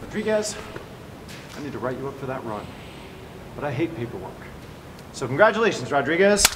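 An actor plays a contemptuous army sergeant, commanding and mocking as he hands out duty. The voice sits at an ordinary pitch over a noisy film soundtrack. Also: sing-song, a little fast, close to an everyday voice. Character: harsh male sergeant bullying his soldier.

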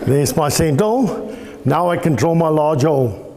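High-voiced male lecturer in an echoey workshop. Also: normal speed. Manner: patient step-by-step explaining. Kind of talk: hands-on workshop demonstration. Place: engineering workshop at a lathe. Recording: reverberant workshop with faint ambient noise.

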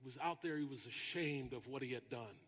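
Pastor, male, husky voice with a high pitch, preaching in a hall with long reverb, dramatic pauses and shouted lines. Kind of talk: sermon. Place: church sanctuary.

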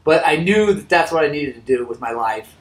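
A man who owns a motorcycle shop tells his own story in a heartfelt, halting way, recorded inside his shop. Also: a little high, lively intonation, roomy sound, rough recording. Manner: earnest, heartfelt, halting with restarts. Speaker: motorcycle shop owner and channel host. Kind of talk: personal storytelling to camera.

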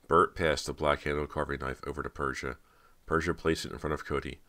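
A man with an extremely deep, low voice reads a horror audiobook in steady, measured narration. The delivery is even and deliberate, paced for storytelling.

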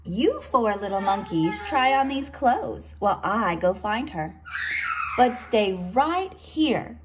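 A woman's voice: sing-song, slow, noisy background. A woman voicing a flustered mother monkey in a picture book, gasping and worried when she counts her children. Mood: firm, motherly. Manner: gasping, high-pitched when alarmed.

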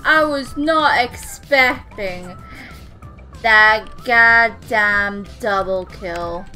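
A young woman giving casual gameplay commentary, excitable and playful, with mild joke swearing. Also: mid-range voice, very slow, soft background music. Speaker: gamer.

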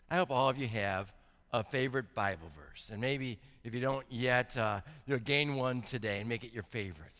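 A male pastor preaching a sermon. He reads scripture slowly and deliberately and builds to emphatic, rising intensity. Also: mid-range voice, sharp tone. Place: church sanctuary. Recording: long church reverb.

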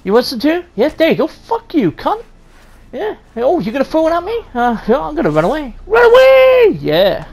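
A woman's voice: high-pitched, big pitch swings, brisk, darkish tone. A woman playing a story game on a stream, swearing constantly in brash, jokey commentary. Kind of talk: profane casual gameplay commentary.

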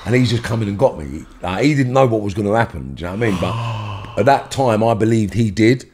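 A man's voice: lowish voice, expressive, fairly quick, darkish tone, slight background noise. A man with a London accent telling a story in a podcast interview, blunt and swearing freely, acting out heated exchanges. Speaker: interview guest.

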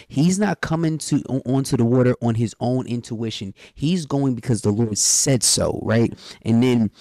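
A man's voice: mid-range voice, normal speed, dark tone, no echo. A man co-hosting a faith podcast, reading scripture and urging listeners with preacher-like repetition. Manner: preacherly, reads scripture aloud, urgent repetition. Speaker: podcast co-host. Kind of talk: faith-based podcast exhortation.

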